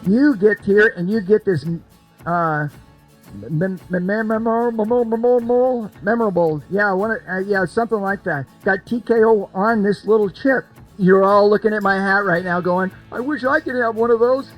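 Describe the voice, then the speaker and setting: An older man runs a cornhole game at an event, coaxing and joking with the crowd. His voice sits high for a man, and he repeats himself playfully. Faint music drifts in behind him. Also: steady tone, moderate pace. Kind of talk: lively crowd banter.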